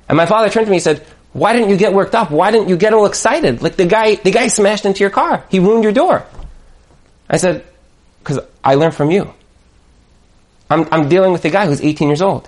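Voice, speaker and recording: High-voiced man giving a lively Torah talk. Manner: animated storyteller, acts out quoted voices. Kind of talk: Torah talk with personal stories.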